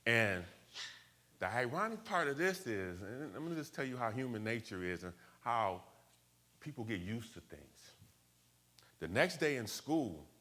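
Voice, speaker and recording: A middle-aged man from Buffalo, New York, telling his life story in a lively way and acting out the voices of people in it. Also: medium pitch, measured pace. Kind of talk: personal storytelling talk.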